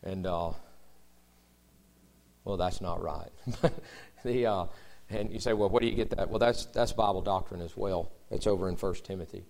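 A man's voice: low-pitched, unhurried, gravelly, long pauses, darkish tone. A man preaching with sudden emphatic lifts. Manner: conversational preaching with rising emphatic bursts. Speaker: pastor. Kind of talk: sermon.

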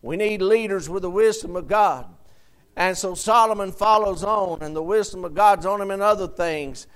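A man's voice: high-pitched, moderate pace, fairly bright tone. A man preaching to his church, retelling a Bible story in plain words, calling out for amens and reading old King James verses aloud. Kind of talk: sermon.

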